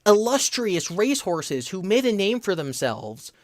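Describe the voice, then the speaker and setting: A man hosting a casual livestream, telling a story with animated energy and quick put-on voices. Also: high voice, dry recording, clean studio sound. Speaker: host.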